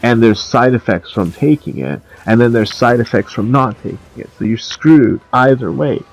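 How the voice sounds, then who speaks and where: A man's voice: mid-range voice, lively intonation, moderate pace, creaky. A young man ranting in casual commentary, swearing often, laughing and rambling with many fillers. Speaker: commentary vlogger. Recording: dull lo-fi audio.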